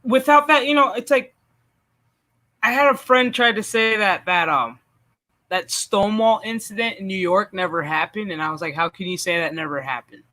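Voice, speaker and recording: A man hosting a casual stream chat, animated and profane, laughing often as he talks. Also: high voice, normal speed. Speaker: channel host.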